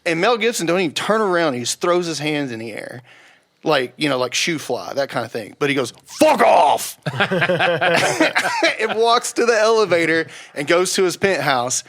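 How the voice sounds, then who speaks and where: Young male podcast guest, upper-middle pitch, very lively, casual and profane storyteller. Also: brisk. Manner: animated, swears freely, acts out quoted voices loudly.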